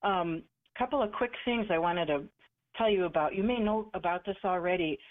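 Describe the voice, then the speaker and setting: A woman's voice: fairly low pitch, moderate pace. Eager female caller on a tinny phone line. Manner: eager, chatty, many fillers. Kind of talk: call-in radio talk.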